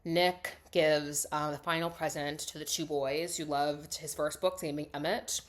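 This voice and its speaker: A young woman casually recapping a film plot, chatty and full of "like", swinging between excited bursts and hushed asides. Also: sits low, a little slow.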